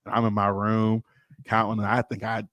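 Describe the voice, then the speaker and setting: Storytelling pastor with a dry sound. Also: male voice, fairly low pitch, normal speed, dry recording, highs cut off. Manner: animated, informal, acts out quoted people. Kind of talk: casual storytelling.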